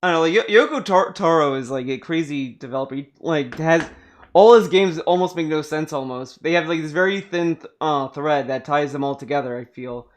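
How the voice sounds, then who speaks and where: A man's voice: fairly high pitch, a little fast. Rambling young-sounding male podcast host. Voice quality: rambling, filler-heavy, restarts often. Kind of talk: casual chat about video games.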